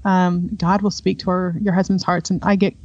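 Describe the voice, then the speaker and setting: A woman's voice: lowish voice, level tone, normal speed, darkish tone, highs cut off. A woman guest, an adoptive homeschooling mother, speaking candidly in a conversational interview and laughing often.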